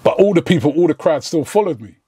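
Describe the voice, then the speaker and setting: A man's voice: a little high, animated, fast talker, mellow, husky, dry recording. A man telling a story in casual chat, acting out quoted lines in slangy talk. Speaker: podcast guest.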